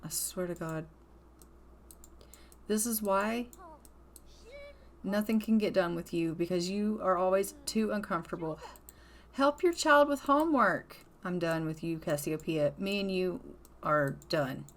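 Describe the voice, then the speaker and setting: Hosting a casual let's-play, a woman scolds her game characters in exasperation and voices their thoughts aloud as quotes. Her voice is lowish and unhurried, with long pauses.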